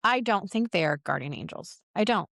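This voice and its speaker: An animated woman co-host of a spiritual podcast who acts out what people said as she tells a story, at a middling pitch. Her voice is recorded close and dry, with no room sound. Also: normal speed, vocal fry, dry recording. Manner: animated storyteller, acts out quotes, laughs often. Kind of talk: casual spiritual podcast chat.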